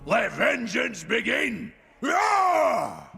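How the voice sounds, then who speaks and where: An actor playing a fierce male dwarf lord who rallies his clan in a game battle speech, in a gravelly, bellowing voice. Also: very high voice, huge pitch swings, extremely slow, bright, forceful tone, raised voice, heavily acted. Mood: rousing. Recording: game audio with faint music.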